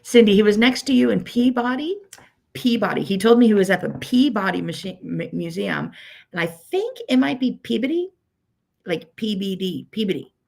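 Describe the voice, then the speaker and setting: A Pittsburgh-accented woman, a quilting teacher from Pittsburgh, USA, runs her weekly livestream in a chatty, rambling way, full of "um"s and greeting viewers by name. Her voice is mid-range and animated, gravelly with a darkish tone, at a moderate pace.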